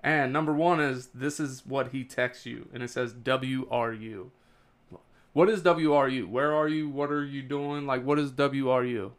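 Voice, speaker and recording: A man's voice: mid-range voice, fairly even intonation, normal speed. A man co-hosting a casual podcast who reads out lists and makes jokes and puns. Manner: jokey, teasing, laughs at his own puns. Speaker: podcast co-host. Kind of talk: casual chat, reading a list.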